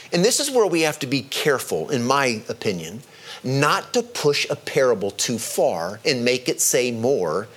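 Male preacher, sermon, emphatic, animated pitch, slows to stress points.

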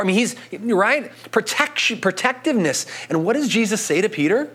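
A man's voice: high voice, moderate pace, breathy edge. A man preaching a sermon in a conversational way, often checking in with his listeners. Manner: animated, conversational, frequent "right?" asides.

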